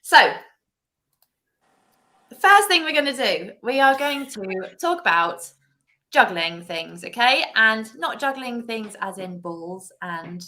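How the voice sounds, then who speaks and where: A woman's voice: a little high, expressive, takes it slowly, sharp tone. A woman hosting a casual church livestream chat, bubbly and laughing often. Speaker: host. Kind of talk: casual live-stream chat.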